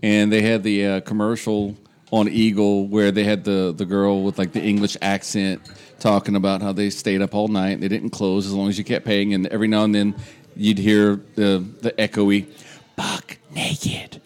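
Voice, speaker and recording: A man's voice: on the low side, completely flat delivery, moderate pace, darkish tone. A man hosts a loose, joking podcast chat. He rambles through his stories, circling back and restarting as he goes. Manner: rambling storyteller with fillers and restarts. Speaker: podcast host. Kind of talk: casual comedic podcast banter.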